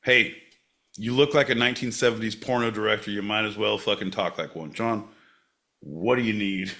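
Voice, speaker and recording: A man co-hosting a podcast, bantering sarcastically and crudely, with sudden loud outbursts. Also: on the low side, moderate pace. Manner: sarcastic, profane, bursts into loud shouting. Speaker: podcast co-host.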